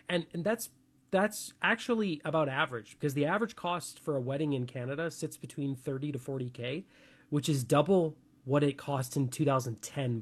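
A young man co-hosting a talk show, chatting casually and animatedly, with plenty of filler words. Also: a little high. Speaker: radio show co-host.

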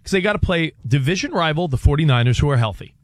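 A man co-hosting a sports talk show, excitable and quick to jump in with his point. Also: fairly high pitch, dry recording, studio quality. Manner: excitable, jumps in and interrupts. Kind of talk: lively sports radio banter.

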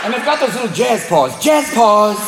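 A man doing crude, animated stand-up comedy on a live stage. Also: high-pitched, normal speed, loud music behind the voice. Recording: live hall echo, loud crowd.

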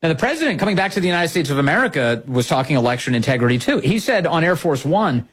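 A man's voice: very animated, fast talker, few pauses, breathy edge. A man hosting a political talk show, delivering opinionated commentary with sarcastic, mocking emphasis. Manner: sarcastic, mocking, swings pitch widely for emphasis.

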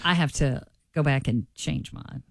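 A woman cohosting a casual morning show, upbeat and quick to laugh. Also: rumbling low, vocal fry, no echo, studio quality. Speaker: radio cohost.

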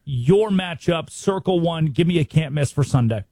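Brisk American sports radio host. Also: male voice, on the high side, expressive, creaky, mellow, no echo. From United States. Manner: brisk, opinionated, rhetorical questions. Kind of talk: sports talk show.

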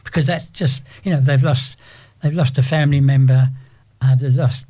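An older English man talking as an interview guest, rambling and halting with frequent restarts. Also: medium pitch, steady tone, dark tone. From England. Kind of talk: casual interview.

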